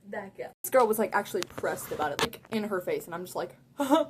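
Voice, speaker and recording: A woman telling a story in a casual, animated way, saying "like" a lot and often laughing mid-sentence. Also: lowish voice, fast talker, noisy background. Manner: chatty and animated, heavy use of "like". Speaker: vlogger.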